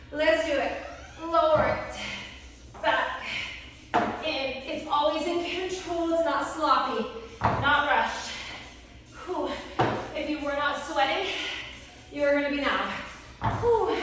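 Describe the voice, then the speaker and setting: A woman's voice: sits high, fairly bright tone. A woman fitness instructor calling short, encouraging exercise cues and counting down reps, out of breath as she works out along with the class. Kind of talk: workout class cueing. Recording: very echoey room, voice from far off. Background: faint music.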